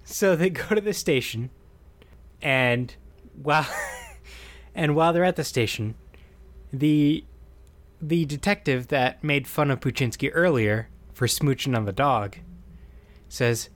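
A man's voice: medium pitch, a little slow, long pauses. A man co-hosting a casual podcast, animatedly retelling a film's plot, acting out quoted lines and laughing often. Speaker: podcast co-host recapping a film. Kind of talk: casual chat.

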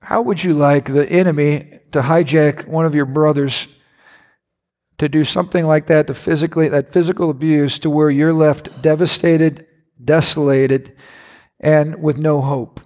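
A pastor preaching a sermon to his congregation, impassioned, his voice climbing higher when he is stirred. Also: steady tone, moderate pace, a little mellow. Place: large church hall. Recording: reverberant church hall.

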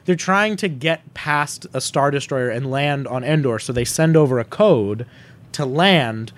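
A man's voice: medium pitch, unhurried. A man co-hosting a casual podcast, talking animatedly and acting out quotes from movies. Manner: animated, quotes movie lines in silly voices. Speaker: podcast co-host. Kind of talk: casual chat.

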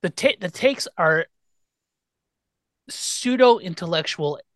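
A man's voice: high voice, lively intonation, takes it slowly, dry recording, studio quality. A man co-hosting a casual sports podcast, talking in a wry, exasperated way that often trails off. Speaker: podcast co-host.

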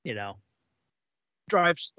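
A male guest on a film podcast who sounds easygoing and talks at a middle pitch. The recording is dry and close, with a dull, muffled tone. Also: extremely slow, pushed and bright, no echo. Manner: easygoing, brief agreeing interjections. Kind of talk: casual film-discussion chat.

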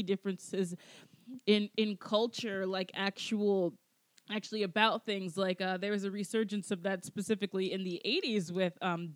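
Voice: mid-range voice, dry recording. A podcast co-host in casual chat, rambling with many fillers and restarts.

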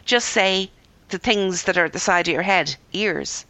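Bright, dry-sounding woman host, chatty and quick to laugh. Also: lowish voice, dry recording. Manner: chatty, laughs often, reads listener email aloud. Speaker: podcast host. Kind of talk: casual chat.

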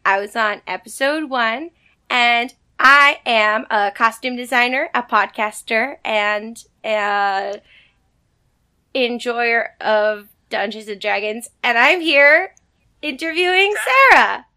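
High, bright-voiced woman, playful. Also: takes it slowly. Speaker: podcast guest and costume designer. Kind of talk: casual podcast chat.

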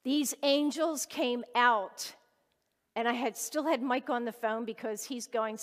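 Woman, high voice, earnest storytelling sermon, long hall reverb. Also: unhurried. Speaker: lay preacher.

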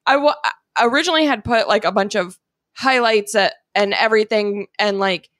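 A woman co-hosting a podcast in casual chat, warm and encouraging. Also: medium pitch, fairly quick, no echo, studio quality. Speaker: podcast co-host.

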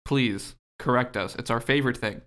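A man's voice: mid-range voice, normal speed, fairly bright tone, slight background noise. A man co-hosting a casual podcast, recapping a game playfully with swearing and lots of ums. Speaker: podcast co-host. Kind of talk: casual chat.

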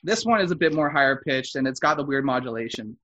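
A man's voice: medium pitch, expressive, fast talker, sharp tone, muffled recording. A man co-hosting a casual chat, rambling with fillers and restarts. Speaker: podcast co-host. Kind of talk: casual chat reviewing an anime dub.

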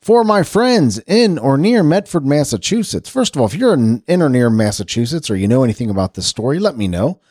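Man, casual radio host, rambling, lively pitch, mellow, dry. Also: brisk, hardly any pauses, dry recording. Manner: chatty, rambling, self-correcting. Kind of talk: casual talk radio segment.

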